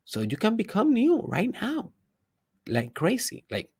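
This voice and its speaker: This high-pitched, slightly rough male voice swoops wildly in pitch and moves a little slowly. He hosts a personal development podcast, giving an emphatic motivational monologue of loud bursts, hushed asides and rhetorical questions to the listener.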